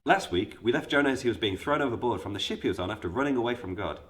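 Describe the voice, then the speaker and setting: A man's voice: medium pitch, lively intonation, racing, fairly bright tone. A man co-hosting a casual youth-group video, joking and punning in a dry way. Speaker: co-host. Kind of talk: casual chat.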